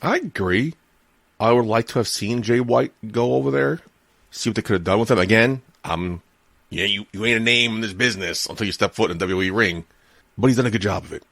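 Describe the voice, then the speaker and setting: A man with a low voice co-hosts a casual podcast, recorded dry with no room sound. He talks in an easygoing way, repeating words as he thinks aloud. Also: a little fast, gravelly, a bit bright, no room sound. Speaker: podcast co-host. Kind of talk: casual wrestling podcast chat.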